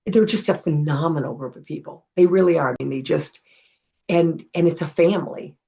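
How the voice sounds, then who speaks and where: A middle-aged woman, a retired television producer, telling animated stories as a guest in a casual interview. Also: low voice, a little fast, creaky, husky, rough recording. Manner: animated storyteller acting out quotes.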